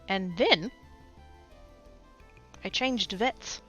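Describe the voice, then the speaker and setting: Bright-voiced Australian woman, rambling chat. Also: fairly low pitch, animated, takes it slowly, pauses often, highs cut off, soft background music. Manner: rambling, swears freely, self-deprecating. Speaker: livestreamer. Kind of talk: casual chat.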